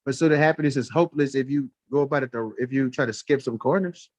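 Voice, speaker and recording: A man's voice: medium pitch, fast talker, a little mellow, no room sound. A man telling a story in casual talk on a live stream, blunt, heated and profane. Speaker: livestream guest.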